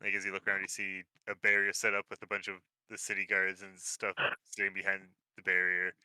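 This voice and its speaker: A man narrating as game master of a tabletop game, relaxed and hesitant with many fillers. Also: low-pitched, brisk, clean tone, no echo, poor audio.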